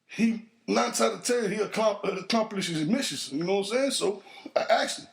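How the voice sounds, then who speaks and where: Telling a crude street story on his podcast, a host keeps it casual and profane, his pitch swinging widely as he jumps into higher voices for quoted people. His delivery is brisk and his voice creaky.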